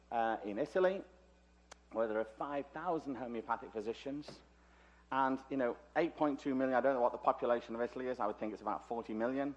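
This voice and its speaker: A man's voice: mid-range voice, quick pace. A British man, originally from Liverpool, delivers a conference lecture in a chatty, joking manner full of asides. His voice sits in a middling register. The recording sounds dull and lo-fi. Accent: British English. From Liverpool, England. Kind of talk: conference talk. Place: conference hall.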